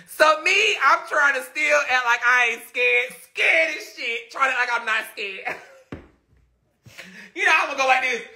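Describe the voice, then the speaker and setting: A man with a high, sharply bright voice tells a story on a live stream. He is animated and laughs as he goes, talking straight to his viewers. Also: normal speed, creaky.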